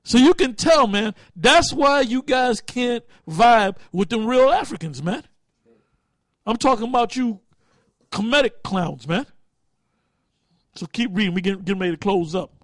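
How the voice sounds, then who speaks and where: A man with a high, lively voice preaches to his group in blunt, profane street talk. He often stalls mid-sentence hunting for a word, then presses on. The sound is dry and close. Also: a little slow, dry recording. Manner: loses words and restarts while thinking aloud. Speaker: teacher leading a group study.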